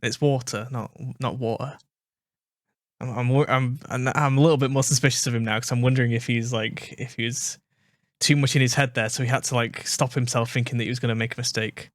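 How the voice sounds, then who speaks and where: A man's voice: mid-range voice, steady tone, fast, no room sound, studio quality. A man from Manchester with a British English accent, hosting a reaction video, musing aloud and second-guessing himself as he repeats words. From Manchester, England. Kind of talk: casual commentary over a clip.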